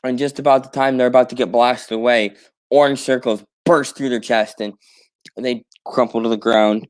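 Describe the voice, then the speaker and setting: A man hosting a talk show, casually pitching a fan script scene by scene with many fillers and restarts. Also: fairly even intonation, normal speed, clean tone. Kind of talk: casual rambling story pitch.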